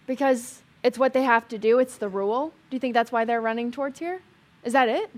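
A woman teaching a Bible passage to a live group in a casual sermon style. She is chatty and animated, with lots of "like" fillers and humorous asides. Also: a little high, a little fast.

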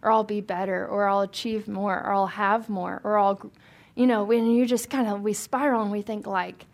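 A woman's voice: medium pitch, steady tone, normal speed. A young woman leading a casual Bible study, talking informally, asking the group questions and laughing easily.

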